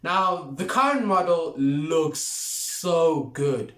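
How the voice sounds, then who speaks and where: A young man chats through a casual car review, hammering his points home by repeating them and laughing along the way. His voice sits slightly high. The room gives a noticeable echo. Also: lively intonation, drawn-out words, a bit bright. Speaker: car vlogger. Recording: roomy echo.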